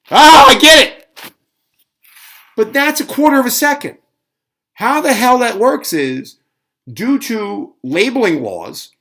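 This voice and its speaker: A man's voice: fairly high pitch, a bit bright. A middle-aged man ranting sarcastically in a casual home cooking vlog. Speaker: fitness vlogger. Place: home kitchen.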